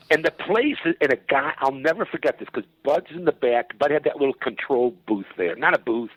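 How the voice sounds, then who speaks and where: A man telling an anecdote as a podcast guest, animated and profane and acting out voices. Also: a little high, brisk, hardly any pauses, no room sound. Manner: animated, profane storyteller who acts out voices. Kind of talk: storytelling anecdote. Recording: dull, dry lo-fi.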